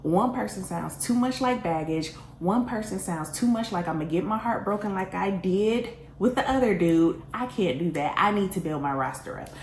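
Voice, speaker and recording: Animated woman telling a storytime vlog. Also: mid-range voice. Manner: animated and self-mocking, laughing often, dramatic pauses. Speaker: vlogger telling a personal story. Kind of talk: casual storytime monologue. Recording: roomy echo, faint background hiss.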